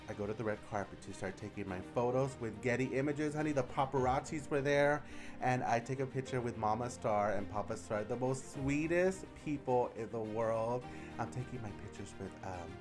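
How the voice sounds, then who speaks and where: Young drag queen dude spilling the tea, sassy, big squeaky jumps, mid pitch. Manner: sassy, animated, says "honey" constantly, jumps into high voices for quotes. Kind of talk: casual chatty vlog storytelling.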